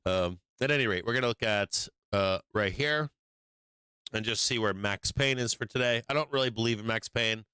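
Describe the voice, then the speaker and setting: A man's voice: on the low side, normal speed, pushed and bright, clean tone, dry recording. A man hosting a live stock market stream, talking casually and rambling with lots of restarts while he works his charts. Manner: rambling, restarts often, drifts off mic while working screens; casual and profane. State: has the hiccups. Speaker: stock market livestream host.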